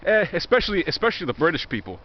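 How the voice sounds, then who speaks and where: A man's voice: fairly high pitch, big pitch swings, racing. Young man, Southern Virginia accent, profane sarcastic walk-and-talk vlogger, muffled outdoor phone audio. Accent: Southern American, Virginia. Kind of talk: rambling walk-and-talk monologue. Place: outdoors in woods near a highway.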